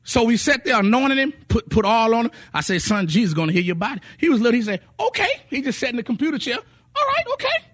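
A man's voice: very high voice, fast talker, few pauses. A man preaching a sermon, telling testimonies with acted quotes and sung phrases. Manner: animated storytelling, voices quotes, sings some phrases.

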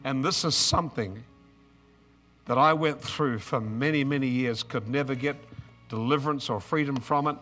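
A man's voice: medium pitch, moderate pace, a bit bright, faint music behind. A man in his seventies with an Australian accent, preaching an emotional, exuberant sermon with bursts of praise and repeated words.

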